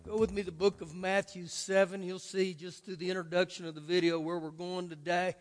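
A man's voice: high-pitched, level tone, fairly quick, faint music behind. A male pastor preaching an earnest, emphatic sermon in a church, drawing out key words of scripture for stress. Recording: long reverb of a large hall.

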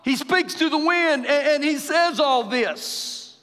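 A man from Texas with a Texan accent, preaching an animated sermon as pastor at a live church service. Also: very high-pitched, slow. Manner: animated preacher, raising his voice for quoted lines. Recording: live hall with long reverb.

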